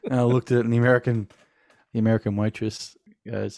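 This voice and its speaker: Australian man, podcast guest, animated storyteller, salty language, dry close mic. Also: mid-range voice, quick pace, no room sound. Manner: animated, swears freely, laughs through stories. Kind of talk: casual podcast chat.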